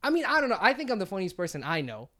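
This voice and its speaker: Bright-voiced man, animated and profane. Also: high-pitched, very fast. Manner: animated, swearing, laughs often. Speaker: podcast co-host. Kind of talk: casual chat.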